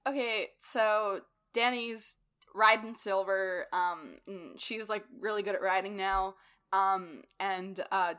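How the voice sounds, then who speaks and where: Bright, giggly young woman rambling. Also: medium pitch, steady tone, slow, clear, resonant tone. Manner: rambling, forgetful, giggly, lots of fillers. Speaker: podcast co-host. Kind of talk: casual book-club chat.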